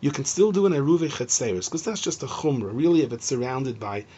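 Husky bright-voiced guy teaching mishnah, muffled lo-fi audio. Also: medium pitch, a little fast. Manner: animated, acts out shouting and gentle speech. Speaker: Torah teacher. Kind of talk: explaining Mishnah to students. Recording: dull lo-fi recording.

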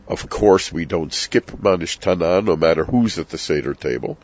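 Older man with a very deep voice. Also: normal speed. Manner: warm storytelling with dry self-deprecating asides. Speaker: rabbi teaching about the Seder. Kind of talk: reflective spoken teaching. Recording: dull lo-fi sound.

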